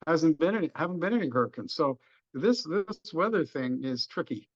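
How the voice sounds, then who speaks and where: A man's voice: a little high, expressive, normal speed. A middle-aged man with a Texan accent, an economist explaining markets in a folksy, joking way during a webinar discussion. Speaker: economist guest. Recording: dull lo-fi webinar audio.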